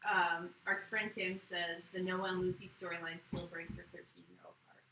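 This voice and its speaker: A woman's voice: on the low side, level tone, normal speed, pushed and bright, roomy sound, a little hiss or hum, low-quality recording. A woman co-hosting a trivia stream, chiming in casually from the side and relaying viewer comments. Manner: chimes in from off-mic, laughing, relays chat comments. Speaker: co-host reading the chat. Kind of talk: casual livestream chat.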